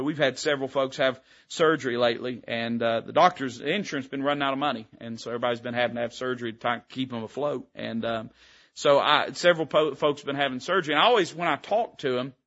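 Bright-voiced preacher. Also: male voice, mid-range voice, muffled recording. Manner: emphatic, rising and falling preaching cadence. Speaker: pastor. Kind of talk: sermon. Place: church sanctuary.

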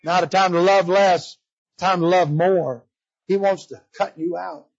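A man preaching a revival sermon in church, swinging from loud emphasis to hushed pleading. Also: high voice, fairly even intonation, unhurried, muffled recording. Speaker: visiting preacher. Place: church sanctuary.

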